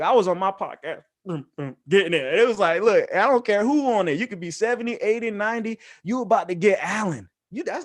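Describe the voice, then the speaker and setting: A man giving a casual motivational talk to young people, energetic and joking, laughing often and using street slang. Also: high-pitched, no room sound. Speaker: guest motivational speaker.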